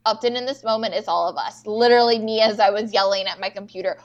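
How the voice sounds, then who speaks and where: A woman's voice: medium pitch, steady tone, fast, lo-fi sound. A young woman co-hosting a podcast, animatedly retelling TV scenes with quoted dialogue and frequent swearing. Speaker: podcast co-host recapping episodes. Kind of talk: casual chat.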